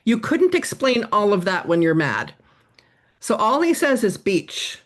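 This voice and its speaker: A woman's voice: medium pitch, unhurried. A middle-aged woman answering interview questions on workplace stress, telling stories and acting out quoted lines. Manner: animated storyteller, acts out quotes. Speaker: guest expert on workplace stress.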